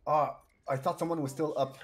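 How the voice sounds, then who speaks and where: A man's voice: a little high, fairly even intonation, a little fast. A man chatting casually with friends while streaming a shooter game, joking and repeating silly phrases for laughs. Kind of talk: casual gaming chat with friends.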